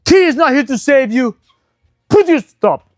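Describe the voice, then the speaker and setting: A man imitating a brash, loud comedy-film character who shouts down a braggart. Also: very high-pitched, lively intonation, a little slow, no echo, clean studio sound, pitched above the performer's own voice. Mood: scornful. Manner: shouting, dismissive.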